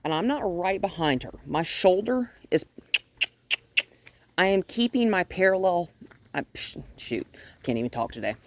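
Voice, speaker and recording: A woman dog trainer explaining a training session outdoors, calm when explaining and high and sing-song when praising the dog. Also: normal speed, pauses often.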